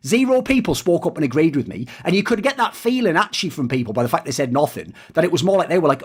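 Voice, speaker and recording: Fast, animated man ranting. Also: on the high side, breathy edge. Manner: fast, profane, sarcastic, mocking voices. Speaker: esports commentator and video host.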